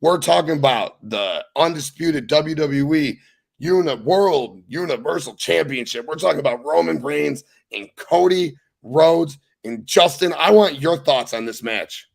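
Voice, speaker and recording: A young man hosting a casual wrestling recap podcast, talking with excited, profane emphasis. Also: fairly high pitch, unhurried, gravelly. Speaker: podcast host.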